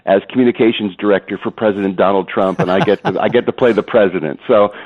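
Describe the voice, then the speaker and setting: A man being interviewed about voice acting and impressions, talking in an animated way and slipping into impressions. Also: fairly low pitch, fast talker. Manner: animated, jokes and slips into impressions. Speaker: guest voice actor and impressionist. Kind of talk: phone interview. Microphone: phone. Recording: tinny phone line.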